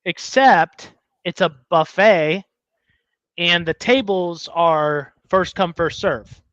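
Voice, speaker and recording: High, bright-voiced man telling a story. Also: takes it slowly, dry recording, muffled recording. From United States. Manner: animated storyteller, acts out quotes. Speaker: podcast co-host. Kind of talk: casual chat, storytelling.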